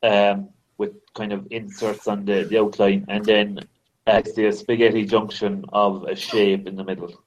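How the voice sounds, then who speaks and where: A man who is a guest on a casual podcast, relaxed and a little hesitant, agreeing easily. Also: fairly low pitch, moderate pace, a little hiss or hum, rough recording.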